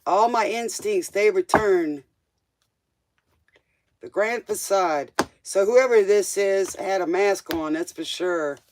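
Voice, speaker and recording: Slightly high-voiced joking man reading tarot. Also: slow pace, background noise. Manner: casual, joking, talks straight to the viewer; loose slangy grammar. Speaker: tarot reader. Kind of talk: live-stream tarot reading.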